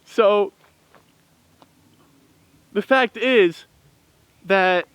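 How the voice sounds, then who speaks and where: A man's voice: high voice, very slow, fairly bright tone, clear, resonant tone, no room sound. A man giving a rambling, heated opinion commentary with many fillers and restarts. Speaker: vlogger.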